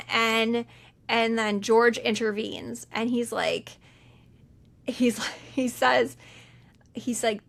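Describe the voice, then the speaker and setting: A woman's voice: fairly high pitch, takes it slowly, vocal fry, long pauses. A woman co-hosting a podcast, retelling a film in casual chat and acting out the characters' lines. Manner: animated retelling, acts out quoted lines in funny voices. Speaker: podcast co-host. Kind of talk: casual movie recap chat.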